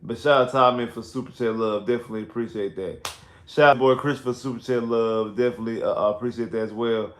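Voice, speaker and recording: A sports talk livestream host delivers a casual football rant after the game, hammering his points repeatedly and growing heated and fed up. He speaks quickly in a mid-range voice with fairly flat intonation, through headphones and a home streaming rig, and the sound is roomy.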